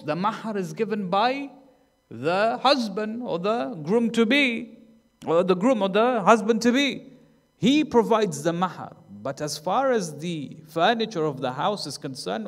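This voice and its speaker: A man preaching a sermon, telling a story in turns loud and emphatic, then hushed and low. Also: in a large hall. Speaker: sheikh. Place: mosque hall.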